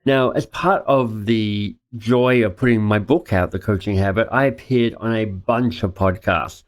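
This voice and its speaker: A man hosting a podcast interview, enthusiastic and gushing, quick to laugh. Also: fairly low pitch. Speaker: podcast host. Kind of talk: casual interview.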